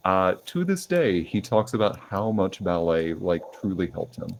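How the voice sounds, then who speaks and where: Low-voiced young male podcast host. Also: normal speed, a little hiss or hum. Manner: relaxed, lots of fillers like um and uh. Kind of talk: casual interview questions.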